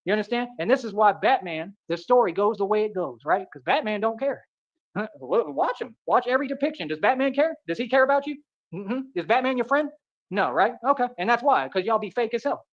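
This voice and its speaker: Fast-talking boastful man. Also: high voice, animated, highs cut off. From Atlanta, United States. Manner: boastful, repetitive, keeps saying "real talk". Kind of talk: boastful rambling rant.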